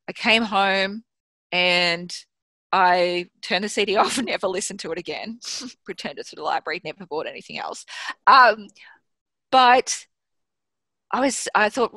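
Speaking unhurriedly in a mid-range voice, this Australian guest author and business mentor in her thirties is recorded with no room sound. Her casual storytelling is frank and full of swearing, and she voices her own inner thoughts aloud in quotes.

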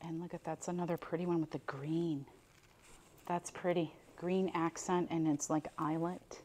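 A woman's voice: sits low, steady tone, normal speed, dark tone, a little hiss or hum. An older woman running a casual unboxing chat for her viewers, chatty and exclaiming over each item as she pulls it out. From Buffalo, New York. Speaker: reseller unboxing mystery boxes.

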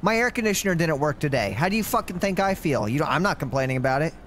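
A man's voice: fairly high pitch, sing-song, quick pace. A man in improvised game role-play, indignant and swearing, with faint game noise behind. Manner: indignant, swears, yells at others.

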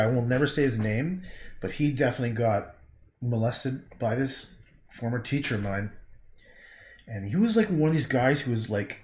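Rambling, swearing Canadian painter. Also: male voice, mid-range voice, darkish tone. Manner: rambling, frank, swears casually. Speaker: painter streaming his work. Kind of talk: casual livestream chat while painting. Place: art studio. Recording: echoey room.

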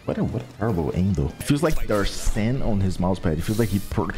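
A man's voice: sits low, very animated, fairly quick, over loud music. A man commentating his own gameplay with brash, crude trash talk and exasperated rants. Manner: exasperated, ranting.

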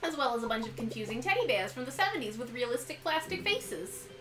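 A woman putting on a brassy, folksy old New York grandmother who runs an antique shop, her voice pitched up high and loud. She tosses out pet names in a lively drawl. The sound is echoey, with music playing behind. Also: fast. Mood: sassy. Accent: put-on New York.

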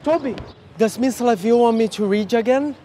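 A man's voice: very high voice, brisk, warm tone, slight background noise. A man with a Brazilian accent playing a hapless aspiring actor in a comedy web series. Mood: earnest. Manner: emotional, theatrical outbursts.

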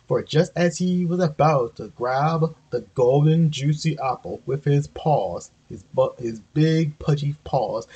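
Husky man reading a story aloud. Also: on the high side, a little mellow, rough recording. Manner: stumbling, often correcting himself mid-line. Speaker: amateur reader.

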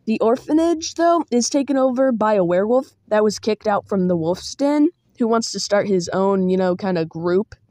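A woman's voice: medium pitch, expressive, normal speed, few pauses, dark tone, dry recording. Chatty woman, dry close sound. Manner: loose, chatty and meandering, with small asides. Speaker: tabletop game master giving advice. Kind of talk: casual spoken guide.

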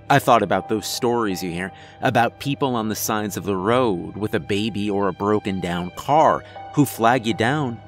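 A man narrating a first-person horror story in a measured storytelling manner. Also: fairly low pitch.

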